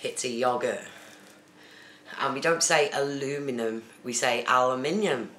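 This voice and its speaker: With a bass voice that's a little bright, a UK woman talks a bit slowly while reading and replying to comments from her live stream viewers. The casual chat is recorded in an echoey room with some faint noise.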